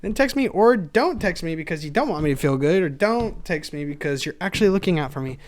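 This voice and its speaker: A man's voice: fairly high pitch, animated, fast talker. A young man hosting a solo podcast, talking in a chatty, self-mocking ramble and laughing often, recorded on a camera mic. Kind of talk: rambling casual monologue.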